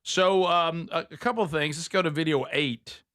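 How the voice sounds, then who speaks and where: A man's voice: a little high, moderate pace, a bit bright, dry recording, clean studio sound. A man hosting a talk show, chatting casually and folksily with his co-hosts, full of "uh" and "um". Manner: folksy, filler-heavy, calls co-hosts by name. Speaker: radio show host. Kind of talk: casual morning show banter.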